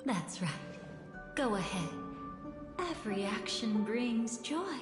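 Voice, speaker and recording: Cryptic enchantress, game voice acting, smooth, measured, long reverb, music behind. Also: female voice, a little high, sing-song. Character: enigmatic, teasing woman with a cryptic, knowing air.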